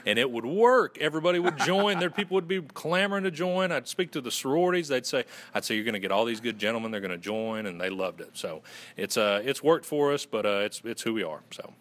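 A man's voice: on the high side, animated, fairly quick, fairly bright tone. A man from Western North Carolina with a Southern accent, answering interview questions in earnest, long flowing runs. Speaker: guest, fraternity communications director. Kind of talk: radio interview.

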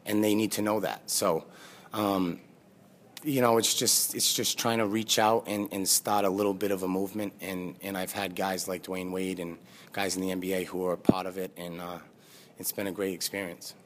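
A man speaking as an interview guest, earnest and halting, with many fillers and restarts. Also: low voice, level tone, slight background noise. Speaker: guest, former pro basketball player. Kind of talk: conversational interview. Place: live studio with audience.

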